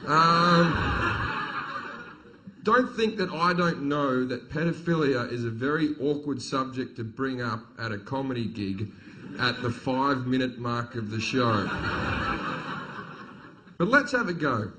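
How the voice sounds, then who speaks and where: A man with an Australian accent doing a stand-up comedy set, telling crude, profane stories and punching up the jokes loudly. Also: mid-range voice, animated, a little slow, pauses often, noisy background. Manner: crude, profane, storytelling delivery with sudden loud punchlines. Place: comedy venue stage with audience.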